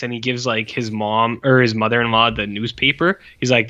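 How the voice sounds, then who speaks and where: A man's voice: medium pitch, steady tone, moderate pace, hardly any pauses, bright, forceful tone, dull audio. A man in his forties co-hosting a podcast, chatting casually about an old film with rambling, profane asides and lots of fillers. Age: 40s. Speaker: podcast co-host. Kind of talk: casual film review chat.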